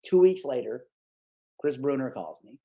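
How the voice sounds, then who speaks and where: Animated man in his forties telling stories. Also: medium pitch, measured pace, gravelly. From Capital Region, New York. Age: 40s. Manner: animated, acts out quoted voices, says "dude" and "right?" often. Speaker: sports broadcaster, guest. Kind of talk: casual storytelling interview.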